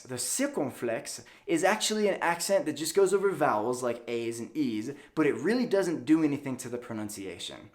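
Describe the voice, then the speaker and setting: A young man giving a casual language lesson, lively and playful as he demonstrates sounds with exaggerated examples. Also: medium pitch. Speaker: French teacher.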